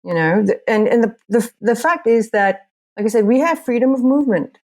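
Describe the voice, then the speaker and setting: A woman's voice: on the high side, lively intonation, brisk, a little mellow. A woman journalist from Africa, answering earnestly with many restarts. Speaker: journalist guest. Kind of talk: podcast interview.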